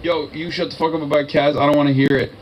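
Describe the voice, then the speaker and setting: Man, opinionated casual rant, fairly high voice, faint hiss. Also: flat delivery, quick pace, poor audio. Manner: blunt, opinionated rants. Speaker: co-host reacting to a video. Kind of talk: casual reaction commentary.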